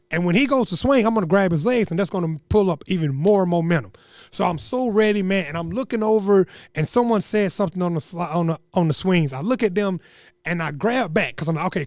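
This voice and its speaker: A young man telling a comedic story in an animated, slangy way, acting out what people said. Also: high-pitched, no room sound, clean studio sound. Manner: animated, slangy, acts out quotes.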